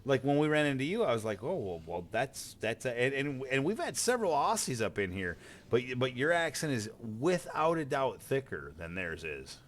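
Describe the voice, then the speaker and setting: A man's voice: mid-range voice, very animated, normal speed, few pauses, slight background noise. An American man streaming a game, chatting casually, rambling with repeated words and cursing freely. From United States. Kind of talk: casual gaming chat.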